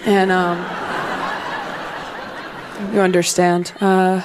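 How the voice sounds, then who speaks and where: A young woman performing a stand-up comedy set, brash and deadpan, dropping into quick put-on voices. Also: a little hiss or hum. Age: young adult. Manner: brash, deadpan, acts out voices with swings up and down in pitch. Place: comedy stage with a live audience.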